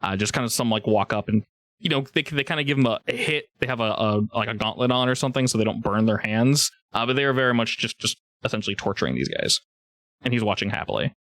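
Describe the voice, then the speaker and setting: A man's voice: mid-range voice, fast, fairly bright tone, no echo. Man game master, rambling casual narration, dry recording. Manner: rambling, laughs often, many restarts.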